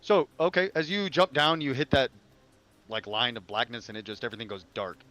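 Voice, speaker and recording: A man's voice: medium pitch, fairly quick, sharp tone, no echo, dull audio. A man narrating as game master of a tabletop game, talking loosely with many fillers and restarts.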